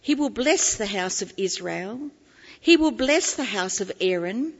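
A woman reading scripture aloud in church, slow and deliberate. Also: medium pitch, animated, big-room sound, muffled recording. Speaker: scripture reader.

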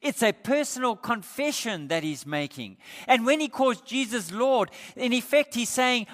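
A man's voice: extremely high pitch, animated, moderate pace, few pauses. Preacher man in a reverberant hall. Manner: emphatic, swells louder on quoted words. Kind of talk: sermon.

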